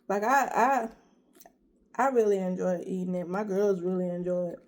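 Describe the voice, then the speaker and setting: A woman's voice: mid-range voice, steady tone, moderate pace, a little mellow. A middle-aged woman vlogger chatting casually while she eats, telling a story straight to her viewers. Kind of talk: casual eat-with-me chat.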